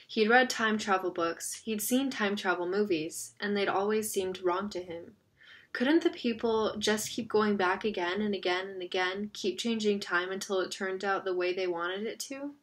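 A woman narrating a novel aloud in an expressive, steady reading style. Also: medium pitch, normal speed. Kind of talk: audiobook reading.

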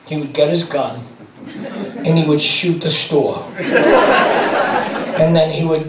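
A male stand-up comedian performing live on stage, ranting in exasperation and breaking into high-pitched shouting. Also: steady tone, takes it slowly, pauses often, very noisy. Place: theater stage before a large laughing audience. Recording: roomy live hall recording from a distance, loud audience.

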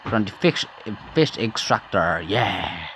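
A man's voice: lowish voice, lively intonation, slow pace, a bit bright, slight background noise, low-quality recording. A young man commenting casually on a game, hesitant and full of ums. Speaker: gameplay commentator. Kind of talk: let's play commentary.

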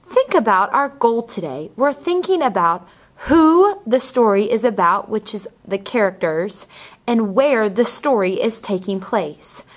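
Woman teacher, slow and clear, bright sing-song delivery for young kids. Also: medium pitch. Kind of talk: reading a picture book aloud to children.

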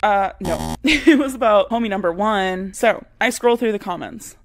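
A woman's voice: mid-range voice, expressive, normal speed, vocal fry, slight background noise. A woman hosting her own channel, giving chatty, sarcastic and blunt commentary. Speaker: commentary YouTuber. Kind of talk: casual commentary.

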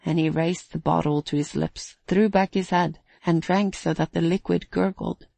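Male audiobook narrator with a gravelly, dry sound and a brisk read. Mid-pitched. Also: steady tone, no echo. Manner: reads at a brisk pace, gives characters louder lines. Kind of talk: scripted narration.

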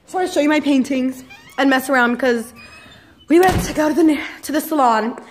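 A woman's voice: high voice, fairly quick, slight background noise, low-quality recording. A young woman vlogger telling a story to camera in a chatty, exasperated way, filling her talk with "like". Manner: chatty and exasperated, heavy use of "like".

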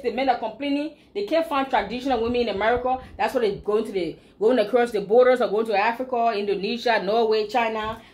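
A woman with a Liberian English accent, giving emphatic opinionated commentary as a blogger and scolding with rhetorical questions. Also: medium pitch.

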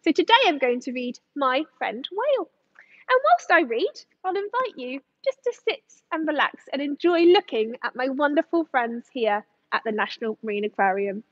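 High, lively woman reading to children. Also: moderate pace, dry recording, muffled recording. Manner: sing-song, expressive rhyming read-aloud. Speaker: aquarium educator reading a story to children. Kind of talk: storytelling for children.

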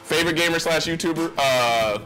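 A man imitating an excitable young male gamer who shouts his lines. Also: on the high side, brisk, over music, natural voice. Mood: hyped.

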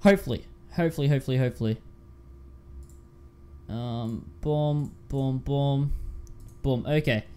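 A man's voice: medium pitch, unhurried, long pauses, darkish tone, clear, resonant tone. A man giving casual commentary while playing a video game, repeating himself and calling listeners dude and man. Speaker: gaming YouTuber.

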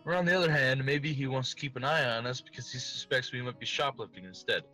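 A man's voice: medium pitch, fast talker, sharp tone, faint music behind, rough recording. A man hosting a let's play, reading visual novel narration aloud in a casual, giggly way with joking asides.

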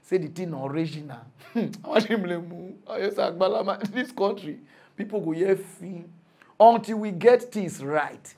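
High-voiced excitable Nigerian Pidgin ranter. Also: male voice, normal speed. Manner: excitable, laughing, big swings in loudness. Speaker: mock news commentator. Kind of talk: comic rant.

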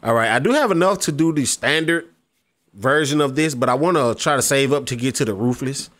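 A gaming YouTuber talks casually over his gameplay, rambling, restarting often, dropping fillers, and speaking directly to his viewers. His medium-pitched voice is a bit bright and fairly quick.

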